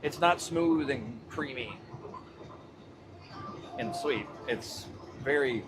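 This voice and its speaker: A man's voice: medium pitch, takes it slowly, noisy background. A man hosting a livestream from his truck cab, talking loosely with his chat and swearing casually as he drives.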